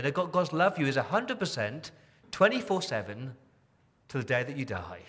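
A pastor preaching a sermon in a church, moving between soft, tender lines and loud, emphatic repetition. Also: male voice, a little high, animated, brisk.

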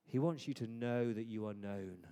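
A man preaches a sermon at medium pitch and normal speed, his voice carrying a long reverb through an echoing hall. His manner is conversational, swinging from hushed to emphatic.

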